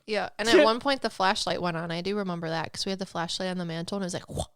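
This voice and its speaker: A woman's voice: on the low side, very fast, clean tone, no room sound, clean studio sound. A woman co-hosting a podcast in casual chat, playful and teasing, laughing often. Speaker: podcast co-host.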